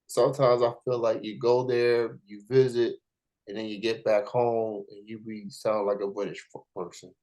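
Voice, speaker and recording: An American man hosting a relaxed interview, easygoing, with drawn-out fillers and chuckles. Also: on the low side, rough recording. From United States. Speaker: host. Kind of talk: casual interview chat.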